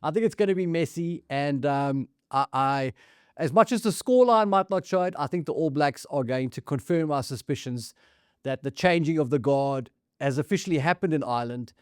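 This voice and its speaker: Rugby podcast co-host: man, slightly high voice, dry close mic, banters and says "mate" a lot. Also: expressive, normal speed, smooth, no echo. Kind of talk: casual rugby chat.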